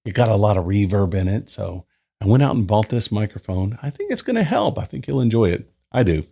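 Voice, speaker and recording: A man's voice: fairly quick, vocal fry. A man hosting a casual beer review, chatting at home into a new microphone. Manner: chatty, relaxed, lively pitch. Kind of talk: casual review with read-out history segment. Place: indoors at home, summer. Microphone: new desk microphone.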